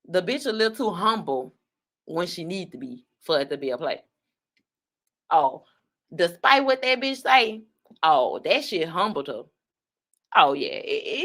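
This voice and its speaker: A blunt woman host gives casual commentary, profane and quick-spoken. Her pitch sits in a middle range. She speaks her mind freely, like someone chatting to regular listeners. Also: a bit bright. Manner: blunt, profane, fast-talking. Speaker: online radio host. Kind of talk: casual commentary on online drama.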